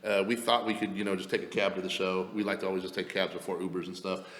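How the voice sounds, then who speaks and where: A man's voice: deep voice, quick pace, echoey room, big-room sound, slight background noise. A man co-hosting a podcast, telling a story in a casual, profane way and acting out the other people's voices. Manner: animated, profane, acts out quoted voices. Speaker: podcast co-host telling stories.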